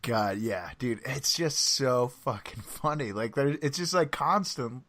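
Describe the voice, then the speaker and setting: A man talking on a podcast in a bright, forward voice, eager and chatty. He laughs along easily and recommends things with keen energy. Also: mid-range voice, a little slow, slight background noise. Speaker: podcast co-host. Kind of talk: casual chat.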